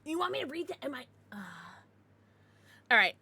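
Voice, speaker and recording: A woman streamer chatting casually with her viewers, excitable and swearing freely. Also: sits high, normal speed, vocal fry, a little hiss or hum. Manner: laughs and gasps often. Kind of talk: casual livestream chat with viewers.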